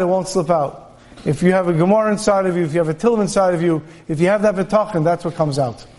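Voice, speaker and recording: A man with a high voice delivers a sermon as a lively story. He tells it in an animated way and voices the people in it. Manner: animated storyteller, voices characters with pitch jumps. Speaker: rabbi giving a Torah talk.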